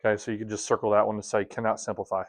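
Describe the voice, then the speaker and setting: A man's voice: fairly low pitch, flat delivery, rapid-fire. A man teaching a math class, talking casually to his students, joking and asking them questions. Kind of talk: classroom lesson.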